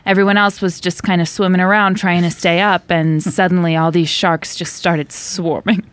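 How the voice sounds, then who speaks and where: A woman's voice: fairly low pitch, little pitch movement, normal speed, no echo, close to an everyday voice. A woman voicing an adult woman survivor who tells her shark story in a mock-dramatic New York accent. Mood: mock-grave. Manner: mock-dramatic, stifling giggles. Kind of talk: reading a film monologue aloud.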